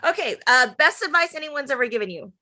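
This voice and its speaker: A woman's voice: high-pitched, lively intonation, fast talker, sharp tone. An American woman interviewing a guest in a bubbly, casual chat. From United States.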